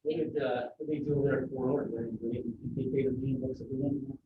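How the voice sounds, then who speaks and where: A man's voice: medium pitch, steady tone, fast talker, reverberant. A man on an advisory board speaking at a public meeting, blunt and joking. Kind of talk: meeting discussion. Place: council meeting room. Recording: distant, tinny, noisy meeting audio.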